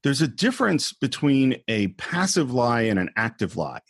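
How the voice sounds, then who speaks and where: A man co-hosting a casual film discussion podcast, animated and acting out the characters' lines. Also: medium pitch, moderate pace, gravelly, husky, no echo, clean studio sound. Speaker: podcast co-host.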